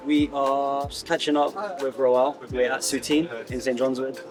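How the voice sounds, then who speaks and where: A man's voice: mid-range voice, level tone, measured pace. A young man chatting loosely about his day in a coffee shop, filling his talk with "like" and "you know". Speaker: content creator. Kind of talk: casual vlog chat. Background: background music.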